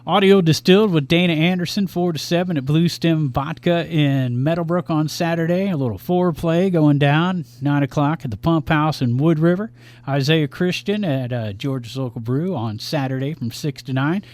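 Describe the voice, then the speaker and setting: A man co-hosts a local music radio show and reads out a long run of gig listings. He keeps it loose and chatty, dropping jokes between dates and venues. His voice sits a little on the higher side. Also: normal speed, a little mellow, dry recording. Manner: rattles off event listings, joking. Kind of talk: casual radio chat.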